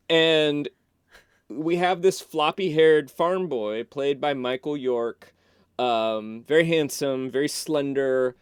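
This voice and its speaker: Male podcast guest, smooth clear voice, dry close sound, chatty animated retelling. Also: fairly high pitch, slow pace, dry recording. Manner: animated, loose, full of "like" and restarts. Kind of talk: casual storytelling, retelling a film.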